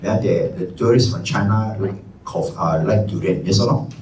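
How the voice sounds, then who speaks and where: A man with a Malaysian English accent teaching a live workshop, energetic and conversational, stressing key words. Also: low-pitched, normal speed. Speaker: trainer. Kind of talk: live presentation skills workshop. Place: training room. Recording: echoey room, distant mic, faint room noise.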